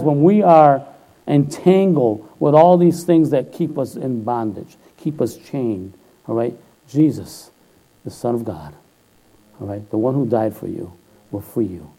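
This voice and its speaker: Here a man preaches informally and chattily, dropping in "all right?" again and again, his voice climbing loud and high whenever he quotes or exhorts. The audio quality is poor.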